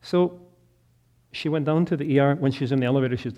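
A middle-aged man preaching a sermon, telling a story that swells to loud, impassioned peaks and sinks back to soft, quiet prayer. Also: medium pitch, quick pace, pauses often. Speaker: pastor.

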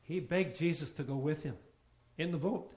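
A man preaching a sermon, telling stories and shifting between soft, quiet lines and emphatic ones. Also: a little high, normal speed. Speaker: pastor. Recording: roomy, dull sound.

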